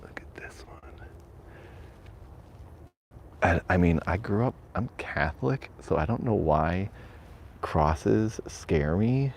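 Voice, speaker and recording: Jittery, very low-voiced man whispering. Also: lively intonation, slow, darkish tone, slight background noise. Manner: jittery, half-whispering, rambling. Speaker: vlogger. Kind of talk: nervous live-streamed night walk. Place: cemetery outdoors at night. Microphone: shirt lapel mic.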